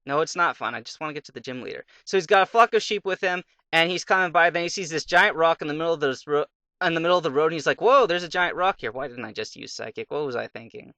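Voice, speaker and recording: Bright, chatty young gamer guy. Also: on the high side, fast talker, no room sound. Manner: rambling, retells a fairy tale in bits between game moves, mutters. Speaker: let's play commentator. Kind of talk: casual gameplay commentary with storytelling.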